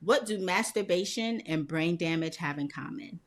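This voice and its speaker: A woman co-hosting a podcast, delivering dark jokes with dry, deadpan punchlines in casual chat. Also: on the low side, moderate pace. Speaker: podcast co-host. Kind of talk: casual joke-telling chat.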